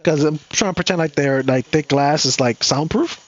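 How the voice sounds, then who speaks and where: A podcast co-host with a voice on the high side tells a story casually at a moderate pace, over dull audio. He's animated and curses freely, acting out what other people said.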